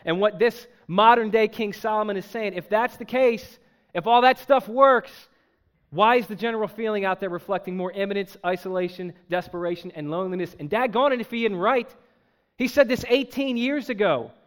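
A pastor delivering a sermon to his congregation, emphatic and animated, with joking asides. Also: sits high, brisk. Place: church.

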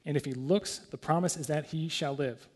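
A man's voice: fairly high pitch, normal speed, a little mellow, close to an everyday voice. A man reading the part of a plain-spoken, earnest lay preacher who repeats himself bluntly, in a homely manner.

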